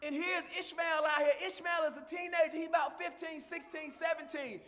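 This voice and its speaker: A man with a strikingly high voice preaches with fervor. He presses points again and again and lets his voice rise to full shouts as he drives a message home. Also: fairly even intonation, brisk, long reverb tail. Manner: impassioned preaching that swells into shouts; repeats phrases for emphasis. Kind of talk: sermon.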